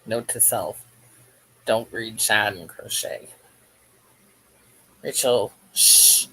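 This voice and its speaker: A man's voice: fairly low pitch, takes it slowly, fairly bright tone, breathy edge, low-quality recording. A man hosting a crochet livestream, chatting casually and jokily while reading the live chat aloud as he works.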